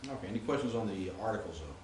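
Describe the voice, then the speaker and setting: A man's voice: on the low side, animated, very fast, darkish tone, reverberant, a little hiss or hum, low-quality recording. A man teaching Greek grammar in a classroom lecture, explaining and reciting word forms.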